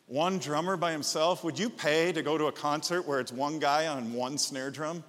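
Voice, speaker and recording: A man preaching a sermon as pastor, enthusiastic and bursting into loud shouts. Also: a little high, moderate pace, big-room sound.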